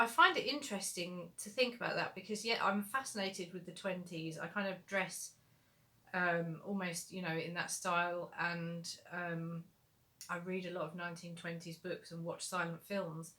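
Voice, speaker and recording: This young adult woman is an author taking viewer questions on a casual livestream, chatty and rambling with plenty of fillers. Her voice is fairly low in pitch, with a bright, forceful tone.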